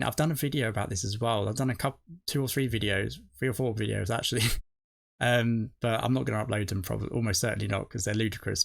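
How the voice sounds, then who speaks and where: Rambling man with a gravelly voice. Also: medium pitch, fairly bright tone. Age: middle-aged. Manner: rambling, self-correcting, chuckles at himself. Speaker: reaction video host. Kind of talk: casual rambling commentary.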